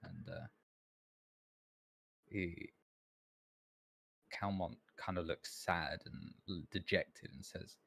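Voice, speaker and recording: A man's voice: low-pitched, slow pace, vocal fry, long pauses, a bit bright. A man narrating as game master of a tabletop game, hesitant and full of restarts. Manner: hesitant, many ums and restarts.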